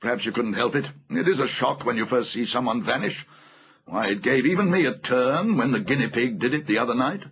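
A man's voice: mid-range voice, expressive, brisk, slight background noise, close to an everyday voice. A man voicing a scheming elderly uncle in a storybook reading, silky and wheedling. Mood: sly. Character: sly, scheming elderly uncle, oily and secretive. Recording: muffled audiobook recording, faint music.

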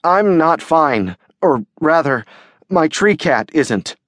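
Nervous young doctor, halting delivery, read by a male narrator, dry close sound. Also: fairly high pitch, animated, a bit bright, dry recording, voice pushed up, heavily acted. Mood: flustered. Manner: flustered, stammering. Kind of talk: audiobook character voice.

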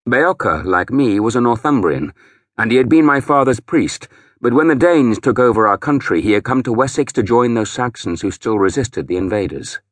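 Husky male audiobook narrator. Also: medium pitch, lively intonation, normal speed, no room sound. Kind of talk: scripted first-person narration.

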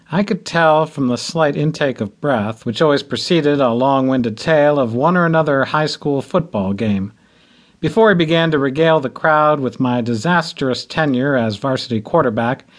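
A man reading an audiobook in first person with a dry, wry humor. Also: mid-range voice. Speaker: audiobook narrator.

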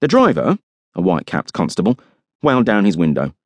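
A man's voice: deep voice, wildly swooping pitch, brisk, no echo. A man narrating a first-person audiobook with wry, dry humour.

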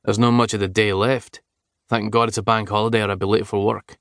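A man voicing an adult Scottish man with a lazy, teasing manner and a deep drawl, in an audiobook. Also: flat delivery, brisk, vocal fry, fairly bright tone, no room sound, clean studio sound.

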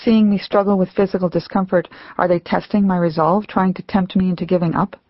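A middle-aged woman, the author, reading her own memoir aloud in a measured, reflective way. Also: on the low side, fairly even intonation, no echo. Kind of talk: audiobook memoir narration. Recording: dull, slightly lo-fi dry audio.

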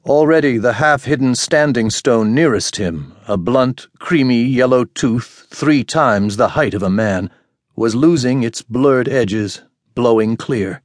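A man reading a fantasy novel aloud as an audiobook narrator, in a measured, unhurried manner. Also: medium pitch, no echo, clean studio sound. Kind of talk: scripted narration.

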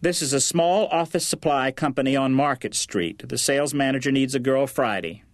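A man's voice: medium pitch, normal speed, dry recording, clean studio sound, natural voice. A man voicing a brusque, dismissive female employment agent in an audiobook. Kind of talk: audiobook character voice.

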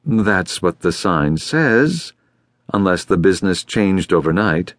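A man voicing a quick-witted young female receptionist who talks in a cheerful, wisecracking way, in an audiobook. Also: on the low side, sing-song, no room sound, pitched above the performer's own voice. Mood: wry. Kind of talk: audiobook character voice.

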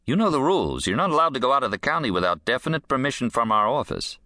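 A man's voice: medium pitch, big pitch swings, fast, sharp tone, no echo, pitched above the performer's own voice. A male audiobook narrator playing a probation officer who questions people in a firm, probing, dry way.

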